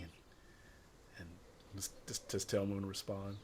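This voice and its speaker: A man's voice: fairly low pitch, slow, long pauses, fairly bright tone, slight background noise. A man narrating as game master of a tabletop game, rambling with lots of fillers.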